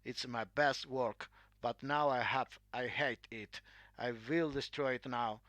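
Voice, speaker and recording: A man's voice: medium pitch, steady tone, takes it slowly, a bit bright, dry recording. A man voicing an earnest, devoted painter who speaks with feeling in a read-aloud story. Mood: upset. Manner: earnest, emotional. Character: older male painter, devoted and hurt.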